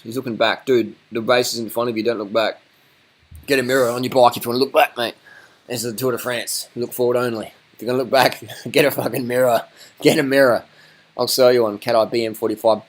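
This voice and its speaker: Blunt, swearing man commentating. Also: medium pitch. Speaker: cycling commentator. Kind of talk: casual video commentary over race footage.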